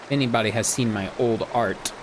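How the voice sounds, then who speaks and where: A man streaming a game, rambling chattily about it and now and then jumping into squeaky joke voices. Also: fairly quick, noisy background. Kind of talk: casual gameplay commentary.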